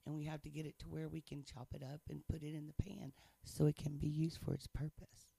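A man's voice: fairly high pitch, level tone, fairly quick, vocal fry, mellow, husky, dry recording. A man sharing his faith testimony in casual chat, earnest and playful, laughing often.

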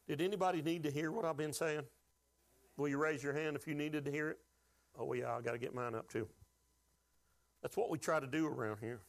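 A man's voice: a little high, normal speed, long pauses. A man preaching a sermon to his church, folksy and joking, asking the congregation to call out answers. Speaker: pastor.

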